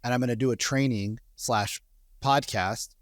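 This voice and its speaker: A man hosting a podcast in casual chat, excitable and quick to interrupt with laughter. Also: mid-range voice, no room sound, clean studio sound. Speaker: podcast host.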